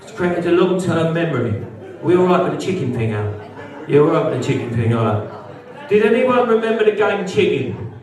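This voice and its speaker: A man's voice: a little high, big pitch swings, moderate pace, a little mellow. A young British man doing a live stand-up routine in a social club, brash and sweary as he banters with the crowd. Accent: British English. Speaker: stand-up comedian. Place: social club comedy venue. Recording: roomy hall, heard from a distance. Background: audience laughter.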